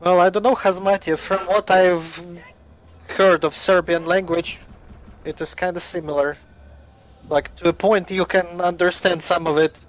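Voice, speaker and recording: A man with a fairly high voice drops into a gameplay session with relaxed, joking asides. He speaks casually, in short remarks between the host's commentary. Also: unhurried, faint music behind, poor audio.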